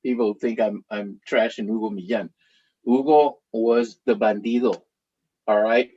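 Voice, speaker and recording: Animated storytelling man, husky voice. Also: lowish voice, unhurried, highs cut off. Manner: animated, chatty, laughs while telling stories. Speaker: author. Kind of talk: storytelling to a live audience.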